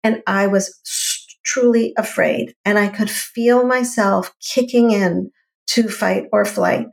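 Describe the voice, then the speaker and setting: A middle-aged woman co-hosting a podcast, telling a personal story in an animated, conversational way. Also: medium pitch, gravelly. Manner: animated, lively storyteller with quick affirmations. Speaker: podcast co-host.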